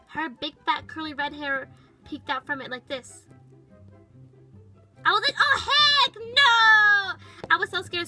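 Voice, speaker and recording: On a rough recording, a woman with a high, pushed and bright voice plays a bratty, dramatic young female toy pet. She narrates a toy-figure storytime in valley-girl chatter packed with "like."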